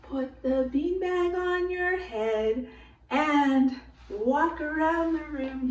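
A woman leading a children's movement and song lesson from her home, speaking in a slow, encouraging sing-song way. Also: sits high, slight background noise. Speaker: children's movement and music leader. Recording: echoey room, mic at a distance.

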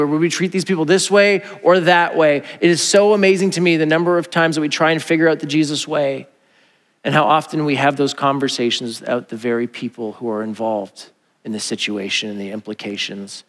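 A man preaching a sermon as pastor, animated and conversational, acting out quoted voices with asides to the congregation. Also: medium pitch. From North America. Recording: long hall reverb.

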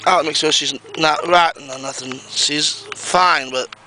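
Guy walking his pumpkin patch w a camera, bit high voice, repeats himself a lot. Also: unhurried, bright, forceful tone, slight background noise, low-quality recording. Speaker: pumpkin grower. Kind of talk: casual garden video tour. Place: outdoors in a garden.

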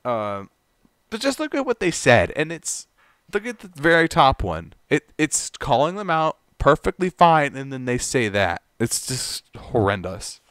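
A man's voice: mid-range voice, sing-song, unhurried, a bit bright, clear, resonant tone, dry recording, studio quality. A man ranting in commentary, exasperated and stammering, often repeating words as he reacts. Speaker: commentary YouTuber.

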